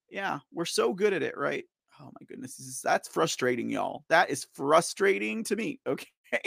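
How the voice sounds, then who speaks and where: Excitable host with a high, gravelly voice. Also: male voice, moderate pace, no room sound, studio quality. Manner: excitable, exasperated, laughs often; repeats himself, addresses viewers as guys. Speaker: livestream news show host. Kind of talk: ranting live commentary, reading viewer chat.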